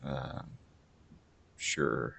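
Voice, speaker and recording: A man role-playing his character at a tabletop game, dry, measured and reluctant. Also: rumbling low, steady tone, vocal fry, bright, forceful tone, slightly rough. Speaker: player.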